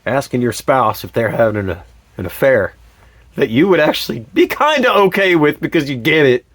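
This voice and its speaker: A man telling a personal story in a candid, animated way, with frequent fillers and sudden swear words. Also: medium pitch, moderate pace, dry recording. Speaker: vlogger.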